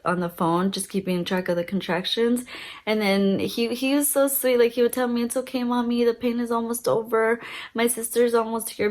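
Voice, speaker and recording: A young adult woman vlogger casually telling her birth story, chatty with many fillers and a lively retelling. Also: mid-range voice.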